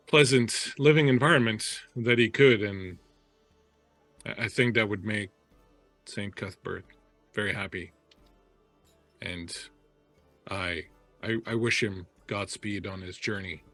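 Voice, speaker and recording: A man playing a tabletop game, giving a solemn in-character eulogy in a measured, halting way. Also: lowish voice, a bit bright, dry recording. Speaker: player.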